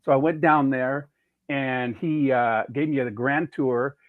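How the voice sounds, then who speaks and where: A man's voice: medium pitch, fairly even intonation, measured pace, no echo. A middle-aged man from California, a chef guest telling rambling career stories in a casual interview, acting out quoted dialogue as he goes. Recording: tinny phone-like dry sound.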